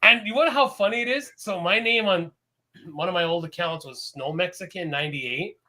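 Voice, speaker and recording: A Canadian man co-hosting a podcast in casual chat, rambling and animated, laughing often. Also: high voice, fairly quick. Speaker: podcast co-host.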